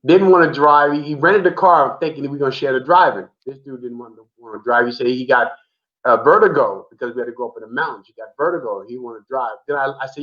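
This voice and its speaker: A comedian from the Bronx, a man, telling a road story in a casual, animated chat and repeating himself for emphasis. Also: medium pitch, fast. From the Bronx, New York. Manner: animated, repetitive storyteller saying "man" a lot. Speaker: comedian guest. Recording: dull lo-fi remote audio.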